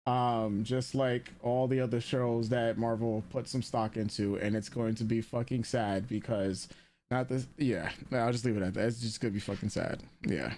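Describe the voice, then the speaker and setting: A man's voice: medium pitch, steady tone, normal speed, darkish tone, a little hiss or hum. A man co-hosting a live anime commentary stream, rambling casually with lots of fillers and restarts.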